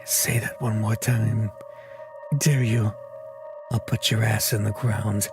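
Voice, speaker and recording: A man voicing a hot-tempered young male gang leader in a game read-through, snarling and yelling threats. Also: mid-range voice, big pitch swings, moderate pace, over music. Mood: menacing.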